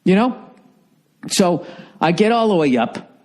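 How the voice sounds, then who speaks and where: A man's voice: sits high, unhurried. A middle-aged man hosting a podcast, telling a comic story in a profane, exasperated rant with a Boston accent. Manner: profane, exasperated, animated ranting. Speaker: podcast host.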